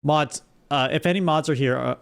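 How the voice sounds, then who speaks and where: A young man streaming live, chatting casually with his viewers while gaming, animated and rambling with restarts. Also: fairly high pitch, brisk, gravelly, clear, resonant tone. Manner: animated, talks straight to chat, rambling with restarts.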